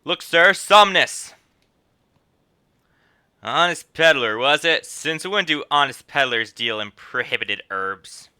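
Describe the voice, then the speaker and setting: A man's voice: a little high, lively intonation, takes it slowly, bright, forceful tone, clean tone, dry recording, clean studio sound, heavily acted. An actor playing a harsh male patrol officer in a game cutscene, barking commands and threats. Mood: menacing.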